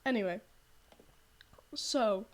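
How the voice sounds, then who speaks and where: A woman's voice: medium pitch, takes it slowly, a little mellow. A young woman streamer with a scratchy throat, rambling as she retells a story to friends. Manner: rambling, full of "like" and restarts.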